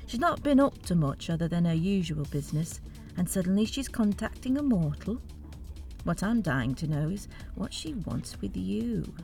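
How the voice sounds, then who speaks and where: A woman's voice: on the low side, big pitch swings, moderate pace, gravelly, mellow, soft background music. A woman voicing a charming, teasing male god of revelry in an audiobook. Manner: teasing, indulgent, chuckling. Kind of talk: audiobook character reading.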